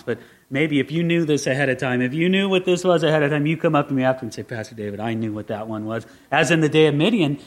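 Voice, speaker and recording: A middle-aged man preaching a Bible sermon as pastor, swinging between quiet asides and excited peaks. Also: high-pitched.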